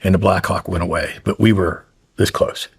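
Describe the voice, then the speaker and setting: Gravelly profane man telling a story. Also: low voice, fairly even intonation, moderate pace. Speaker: guest, former hostage. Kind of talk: podcast interview storytelling.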